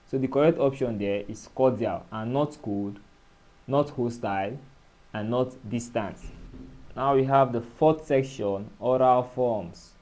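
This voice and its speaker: A man teaching an exam-prep lesson, speaking in a measured way and spelling out letters and syllables. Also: medium pitch, darkish tone. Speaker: exam tutor.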